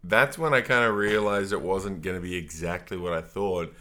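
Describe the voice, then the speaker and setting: A man's voice: low-pitched, normal speed, pushed and bright, a little hiss or hum. A man on a casual podcast, adding short asides and agreement while talking about a movie.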